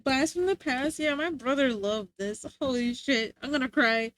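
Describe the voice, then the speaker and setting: Young woman, high voice, live-stream chat, giggly, rambling, excitable. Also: moderate pace, no echo.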